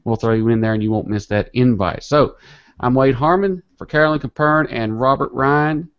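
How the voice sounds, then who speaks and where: A man's voice: medium pitch, moderate pace, smooth. An easygoing male host steering a casual chat, with a mid-range voice. His voice comes through dull and lo-fi over a video call.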